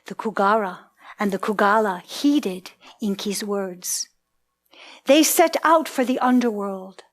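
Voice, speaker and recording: A woman's voice: mid-range voice, slow. A woman telling a myth in a ritual storytelling performance, in a dramatic, incantatory way.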